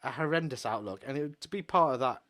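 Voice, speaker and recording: A young English man co-hosting a casual podcast, blunt and sweary, telling animated stories. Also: mid-range voice, quick pace. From England. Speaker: podcast co-host. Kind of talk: casual chat.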